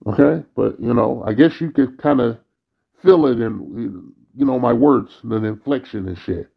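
Gravelly, weary man ranting bitterly. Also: medium pitch, a little slow, lo-fi sound. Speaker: vlogger. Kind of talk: angry profane monologue.

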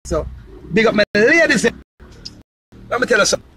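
A man's voice: high-pitched, sing-song, fairly quick, noisy background. A man with a Jamaican accent in a loose, rambling casual monologue, repeating himself and often asking if you understand. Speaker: entertainer promoting his new song.

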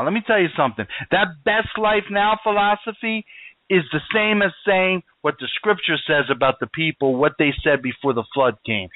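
A man's voice: high-pitched, moderate pace, no room sound, narrow, tinny audio. A man preaching a sermon with emphatic, rising and falling delivery.

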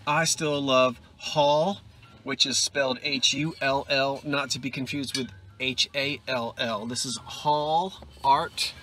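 A middle-aged man vlogging his thrift hunting, chatty and quick to exclaim over each find. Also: medium pitch. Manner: excitable, exclaims over finds, chatty asides. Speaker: antiques and vintage reseller. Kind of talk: casual thrifting vlog. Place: in a car and a thrift store.

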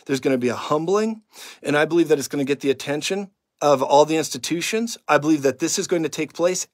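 A man's voice: on the high side, no echo, studio quality. Fervent man preaching prophecy. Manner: fervent, declaring, rising to loud proclamations; drops to hushed, intimate recounting of a vision. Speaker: prophetic minister.

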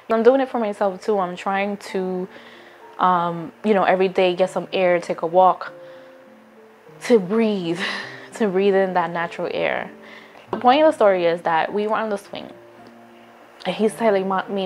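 A woman with a medium-pitched voice talks straight to her phone camera at a moderate pace, with faint music behind her. It's a casual, earnest motivational vlog where she encourages viewers, often stopping to restart a thought.

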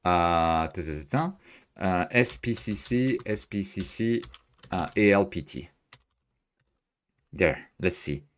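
A man's voice: low-pitched, slow, pauses often, smooth. A man hosting a live astrophotography stream, thinking aloud as he works and cheerfully answering viewers' chat. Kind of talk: live-stream screen tutorial, reading chat. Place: home desk, Tokyo.

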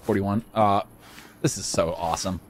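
A man hosting a casual let's-play video, excitable and jokey, chatting to the game's characters as he plays. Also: low-pitched, moderate pace, crowd noise. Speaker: gaming video host.

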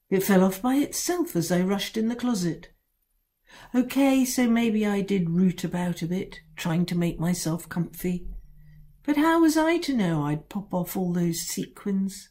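Lady reading a kids' storybook, slow, mellow, sly little pauses. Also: fairly low pitch, lively intonation. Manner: wry, sly first-person storytelling with dramatic pauses. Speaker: children's book author reading her own book.

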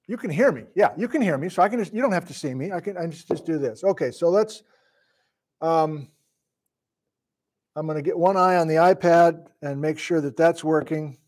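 A man's voice: fairly high pitch, moderate pace, darkish tone. A middle-aged man from Wisconsin, a sleep-deprived geology lecturer, thinking aloud in a flustered, casual live-stream lesson. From Wisconsin, USA.

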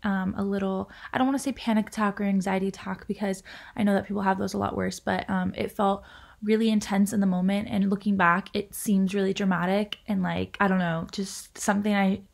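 A woman's voice: mid-range voice, flat delivery, a little fast, creaky, low-quality recording. A young woman talking casually in a vlog, full of fillers like "like" and "literally", often crying as she talks. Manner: chatty, lots of fillers like "like" and "literally". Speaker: vlogger.

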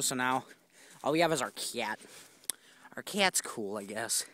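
Young man rambling on a walk, lively pitch. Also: unhurried. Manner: rambling, swears often, acts out quotes. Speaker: vlogger. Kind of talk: casual storytelling on a walk. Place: outdoors on a walk.

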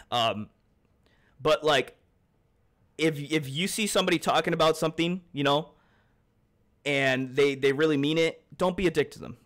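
Fast-rambling, cursing male streamer. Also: fairly high pitch, fairly bright tone. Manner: rambling, profane, addresses chat directly; heated then apologetic. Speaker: video game streamer. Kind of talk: live-stream chat while gaming.

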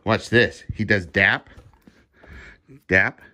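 Slow, low-voiced man. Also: fairly even intonation, sharp tone. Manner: slow, easygoing, praising a dog in short commands. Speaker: dog owner filming a training demo. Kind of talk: casual vlog, giving commands to a dog. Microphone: handheld camera he films himself.

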